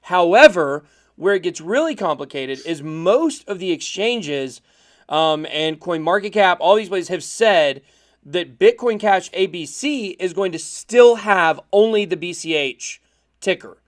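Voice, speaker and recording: Guy co-hosting a chill podcast, kinda high voice, gets animated and trips on his words. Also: a little slow. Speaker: podcast co-host. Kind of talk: casual podcast chat.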